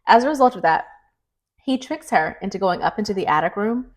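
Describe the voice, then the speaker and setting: A woman's voice: medium pitch, fairly quick. A young woman co-hosting a podcast, chatting animatedly as she retells a thriller's plot. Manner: chatty, animated storyteller, many "like" fillers. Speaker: podcast co-host. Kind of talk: casual book recap chat.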